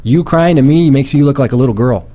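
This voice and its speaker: Fast, blunt, swearing guy. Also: mid-range voice, warm tone. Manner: blunt, profane, fast-talking. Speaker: podcast co-host. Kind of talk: casual chat.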